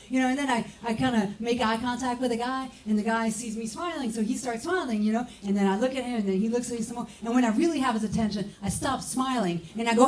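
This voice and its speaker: A woman from France with a French accent, performing a stand-up comedy set in a sardonic, deadpan manner with frequent cursing. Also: fairly high pitch, fast, few pauses. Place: comedy club stage. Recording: echoey club, distant mic, audience noise.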